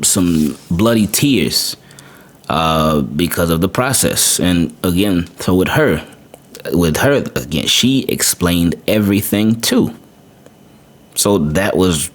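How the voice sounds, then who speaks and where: A man hosting a podcast, telling a personal story casually, often repeating words and adding "man". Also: low voice. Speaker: podcast host. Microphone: podcast microphone.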